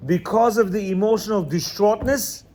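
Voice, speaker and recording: A man teaches a room of men in a loose, spoken lecture. His voice sits a bit high and he leans hard on his points, circling back and checking they understand. He acts out little quoted lines along the way. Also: moderate pace. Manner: repetitive, keeps asking "you understand?"; emphatic, lively, acts out quotes. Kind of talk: informal lecture to a class.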